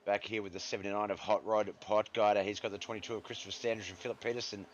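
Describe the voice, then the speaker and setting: A man's voice: fairly low pitch, flat delivery, rapid-fire, lo-fi sound, slight background noise. A man hosting a live stream, giving casual commentary on a racing league and chatting with viewers in the chat, whom he calls brother. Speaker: stream host and race commentator.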